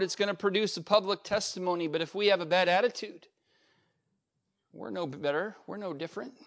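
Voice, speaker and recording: A middle-aged man preaching with earnest conviction, his voice sitting a little high for a man. He moves between raised, emphatic passages and quiet, conversational asides. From United States. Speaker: pastor. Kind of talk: sermon.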